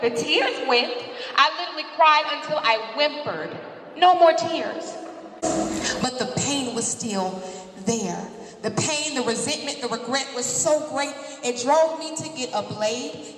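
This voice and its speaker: A woman with a high voice delivers a passionate motivational talk, speaking openly as a guest speaker. She is picked up from far off in a big hall, and her words ring out with a long reverb. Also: expressive, a little slow, fairly bright tone. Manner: passionate, candid testimony. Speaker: guest speaker at a women's seminar. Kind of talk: motivational speech. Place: large hall, live audience.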